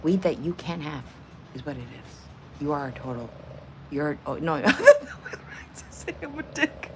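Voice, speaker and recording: Woman streamer, blunt and crude banter with chat, lowish voice, very lively delivery. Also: slow pace, slight background noise. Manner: blunt and profane, laughs often. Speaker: livestream host. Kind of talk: casual live-stream chat.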